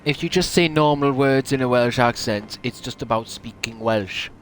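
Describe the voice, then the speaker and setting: A man's voice: medium pitch, moderate pace, fairly bright tone, a little hiss or hum. A man live-streaming a game, chatting casually and rambling while swearing at what happens on screen. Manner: rambling, sweary, reacting to gameplay.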